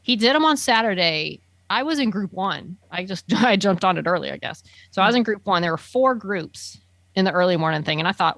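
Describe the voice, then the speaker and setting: A woman in casual chat, telling a long, enthusiastic story and padding it with fillers. Her voice sits in a middle pitch, recorded close and dry. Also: lively intonation, fairly quick, a bit bright, dry recording.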